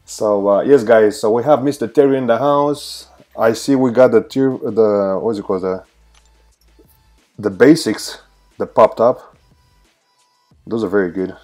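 Mellow-voiced upbeat man hosting a livestream. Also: fairly low pitch, a little slow, long pauses, soft background music. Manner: upbeat, greets viewers by name, laughs often; shifts into an earnest prayer. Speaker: livestream host and pastor. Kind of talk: casual livestream chat.

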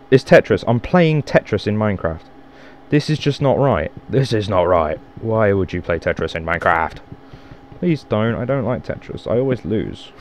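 A man's voice: fairly low pitch, darkish tone, clear, resonant tone. A man giving casual, rambling gameplay commentary, joking and swearing as he plays. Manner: rambling, jokey, swears and exclaims. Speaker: Minecraft let's player.

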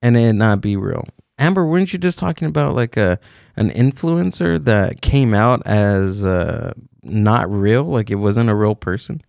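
A man in casual podcast chat, musing aloud and asking questions with restarts. His low voice has a gravelly edge. The sound is dry and close. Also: expressive, unhurried, a little mellow, no room sound. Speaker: podcast co-host.

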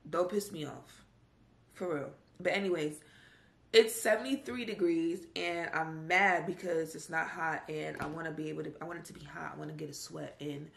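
A woman's voice: sits low, steady tone, normal speed, creaky, fairly bright tone, roomy sound. A young woman talking casually to camera in a home vlog, chatty and rambling with lots of "like"s. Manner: chatty, rambling, slangy with many "like"s. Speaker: vlogger.

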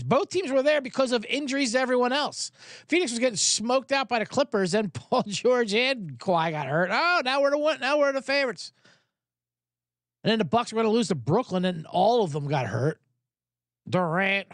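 A man's voice: high voice, sing-song, moderate pace, a bit bright, no room sound, clean studio sound. A man hosting a sports betting podcast, talking in a rambling, profane, casual way.

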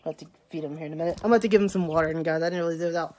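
A woman's voice: low-pitched, fairly even intonation, very fast, a little mellow. A woman talking in a casual, rambling way as she films a daily vlog at home, with plenty of "like" and loose asides. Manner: chatty and rambling, full of "like". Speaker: daily vlogger. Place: home indoors, rainy day.

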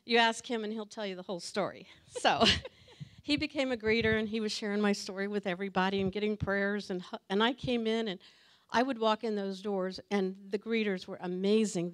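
A woman sharing a personal testimony at a church gathering, talking earnestly and emotionally and laughing now and then. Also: mid-range voice. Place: church meeting room with audience.

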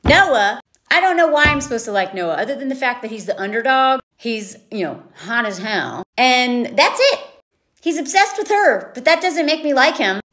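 Southern-raised woman, bright high voice, animated and sarcastic in casual commentary. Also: normal speed. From American South. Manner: animated, sarcastic, quoting characters in exaggerated voices.

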